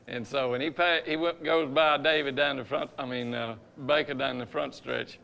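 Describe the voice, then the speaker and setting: A man's voice: medium pitch, steady tone, moderate pace, vocal fry, sharp tone. A man telling a racing anecdote, chuckling. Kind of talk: storytelling at a reunion panel.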